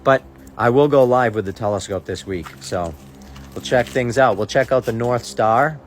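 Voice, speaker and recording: A man talks straight to his phone in a heated, sarcastic rant. His pitch sits at an ordinary middle level, and he keeps throwing out challenges and daring the viewer again and again. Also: moderate pace, a little hiss or hum. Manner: indignant, sarcastic, repeats challenges. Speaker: social media creator. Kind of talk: casual ranting to camera.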